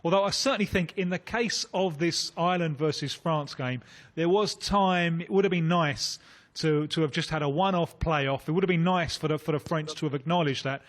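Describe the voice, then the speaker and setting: A British football pundit, a man, talking on a radio phone-in. He often repeats words as he gets going, with a voice a touch higher than most men. He speaks into a studio microphone. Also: normal speed. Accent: British English. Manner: hesitant, repeats words, laughs easily.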